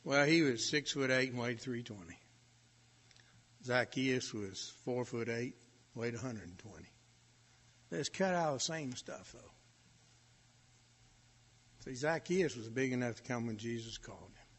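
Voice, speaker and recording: A male preacher telling a folksy story in his sermon, with animated swells in volume. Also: mid-range voice, a little slow, long pauses, breathy edge. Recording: long hall reverb.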